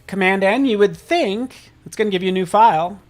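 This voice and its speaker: An upbeat man runs a live software tutorial and talks straight to viewers in the chat. His delivery is casual and playful, and he jokes about himself as he teaches. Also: high-pitched, gravelly. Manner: casual and self-joking. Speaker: host and software instructor.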